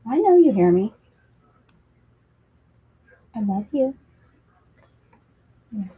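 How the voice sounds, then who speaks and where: A woman's voice: a little high, big pitch swings, very slow, breathy edge. A woman hosting a casual livestream from her craft room, calling to her pets in coaxing baby talk and sometimes dropping to a whisper. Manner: sing-song coaxing baby talk to cats, with soft whispers. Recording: dull lo-fi livestream audio with faint noise.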